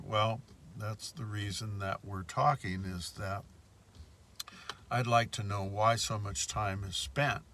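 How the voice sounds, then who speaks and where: A man's voice: on the low side, a bit bright. A man telling a story in a casual monologue, indignant and repeating his points. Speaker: bank customer telling of a complaint.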